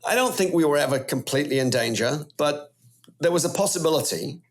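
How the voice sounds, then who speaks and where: Chatty Welsh man, a bit high. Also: brisk. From Wales. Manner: animated, rambling storyteller. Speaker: podcast guest. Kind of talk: casual chat.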